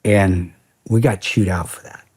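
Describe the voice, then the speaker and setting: A man in his forties tells a story as a podcast guest. His low, husky voice stays blunt and profane, and he keeps acting out what people said. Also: measured pace. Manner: profane, blunt, animated retelling with quoted dialogue. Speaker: podcast guest, former security contractor. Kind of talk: storytelling in a casual interview.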